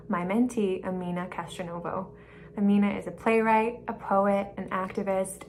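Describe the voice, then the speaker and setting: A woman's voice: medium pitch, darkish tone, slight background noise. A woman mentor enthusiastically introducing her mentee from home. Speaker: writing mentor. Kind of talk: spoken introduction.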